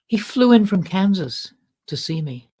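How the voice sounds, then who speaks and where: A man's voice: high voice, very animated, a little slow, darkish tone, slightly rough, poor audio. A man, a podcast guest, telling a story in casual conversation and acting out the people he quotes.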